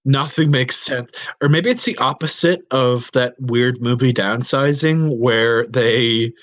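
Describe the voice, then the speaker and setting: A man co-hosting a comedy podcast, reading a creepypasta aloud and riffing on it, swearing and breaking into high-pitched outbursts. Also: takes it slowly, a bit bright, dry recording, lo-fi sound.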